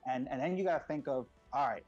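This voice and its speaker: A middle-aged man tells stories as a guest on an interview show. He is animated and acts out other people's voices, with plenty of fillers. The audio is a little dull and lo-fi, with faint music underneath. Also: medium pitch, quick pace. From United States. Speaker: guest, parent behind a kids' YouTube channel. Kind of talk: casual interview storytelling.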